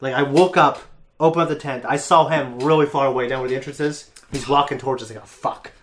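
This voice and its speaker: A young man hosting a reaction show, telling a long story in a casual, animated way with frequent laughs. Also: medium pitch, fast talker, a little hiss or hum. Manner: animated, laughs often, acts out other voices.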